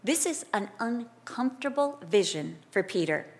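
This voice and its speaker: This middle-aged preacher has a medium-pitched voice and a normal pace. Her sermon shifts from teaching scripture to telling a spirited story from her own life, with quotes acted out at full volume.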